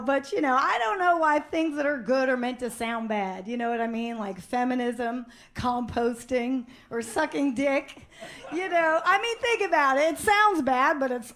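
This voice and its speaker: Stand-up comic, woman, high bright voice, dry mock-earnest delivery with sudden loud bursts. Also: unhurried. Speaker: stand-up comedian. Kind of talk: stand-up comedy set. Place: stage before a live audience.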